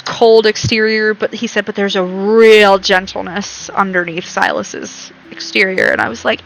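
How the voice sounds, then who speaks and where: A woman's voice: mid-range voice, fairly quick, hardly any pauses, pushed and bright, low-quality recording. Gushing young woman reading a game aloud. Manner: chatty, rambling, laughs often, gushing. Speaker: game streamer. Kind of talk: reading game text aloud with casual commentary.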